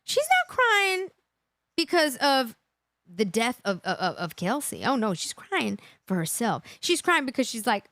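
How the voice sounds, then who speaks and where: Animated indignant woman reacting live. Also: fairly high pitch, a little slow, no echo, clean studio sound. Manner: indignant, emphatic, repeats phrases for effect. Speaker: host of live true crime reaction.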